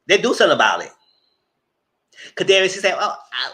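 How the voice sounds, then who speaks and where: Sassy, animated man reviewing reality TV. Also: fairly quick. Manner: animated and sassy, quoting people and talking back to them; jumps to high squeals and laughing bursts. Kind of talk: live review commentary, retelling scenes.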